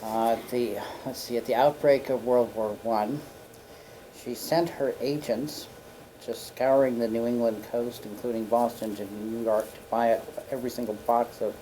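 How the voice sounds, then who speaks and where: A man guest on a community talk show, telling anecdotes in a playful, animated way. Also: medium pitch, moderate pace, slight background noise, poor audio. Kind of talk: storytelling on a local talk show. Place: community studio.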